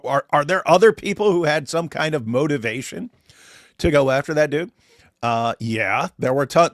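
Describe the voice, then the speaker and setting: A man's voice: mid-range voice, no echo, studio quality. A man co-hosting a livestream, talking casually in a mocking, sarcastic way. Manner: animated, mocking, sarcastic asides. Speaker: co-host.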